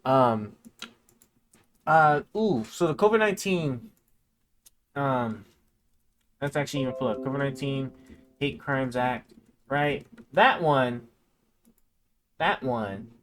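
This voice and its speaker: A man's voice: mid-range voice, lively intonation, fairly bright tone. Rambling man chatting live. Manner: rambling, thinks aloud with many fillers; reads text aloud haltingly. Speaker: livestream host. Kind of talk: casual live chat.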